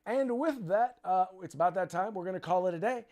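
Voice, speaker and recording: Emphatic male podcast host, higher voice. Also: expressive, brisk, darkish tone. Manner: emphatic, repeats words and restarts phrases. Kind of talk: casual political podcast talk.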